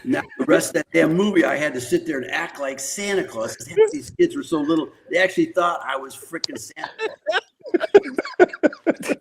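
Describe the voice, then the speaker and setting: A man's voice: a little high, big pitch swings, moderate pace, vocal fry, slight background noise, poor audio. An older man, a podcast guest, telling rambling, profane anecdotes in casual conversation and laughing often. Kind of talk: casual storytelling.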